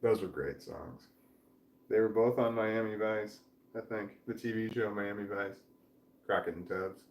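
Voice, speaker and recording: Reading chat on his home livestream, a man in his forties rambles, lets sentences trail off and swears casually. He has a fairly low voice and keeps a measured pace. The sound is roomy, from a distant mic, with faint noise behind him.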